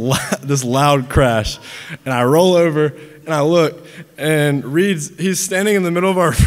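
A man's voice: fairly high pitch, big-room sound. A man in his twenties giving a funny toast as the groom's college roommate, telling anecdotes and laughing between lines. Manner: laughing, animated anecdotes with restarts. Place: large dinner venue.

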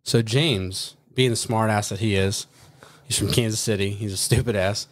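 A man's voice: fairly low pitch, steady tone, moderate pace. Profane storytelling man. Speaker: former Marine guest. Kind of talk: casual podcast chat.

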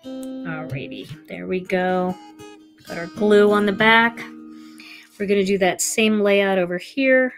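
A woman hosts a live crafting demonstration and chats easily with her viewers while she works. Her voice sits at an ordinary middle pitch. Clear music plays underneath her talk. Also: takes it slowly, long pauses. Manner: chatty, talks to viewers while working. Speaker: craft show host.

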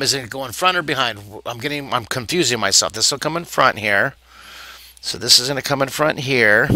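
A man's voice: mid-range voice, sharp tone, dry recording. A middle-aged man giving a live drawing lesson at an art camp, chatty, playful and self-mocking as he draws. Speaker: drawing teacher.

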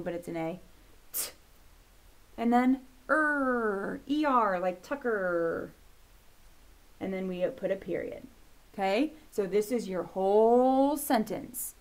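A woman gives a kindergarten video lesson, sounding out letters slowly for young children in an upbeat, encouraging way. Her voice is medium in pitch with a somewhat dark tone.

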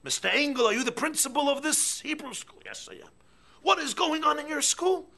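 A man doing a shrill, infuriated father. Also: wildly swooping pitch, moderate pace, vocal fry, husky, exaggerated voice. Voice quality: shrill, shouting. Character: infuriated father, middle-aged man, indignant.

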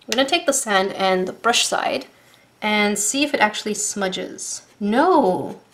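A woman reviewing art supplies in a casual unboxing vlog, gushing and excitable as she talks to her viewers. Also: mid-range voice, a little slow.

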